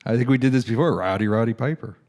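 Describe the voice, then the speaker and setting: A man co-hosting a casual podcast, goofy and quick with jokes and puns. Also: mid-range voice, darkish tone. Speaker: podcast co-host.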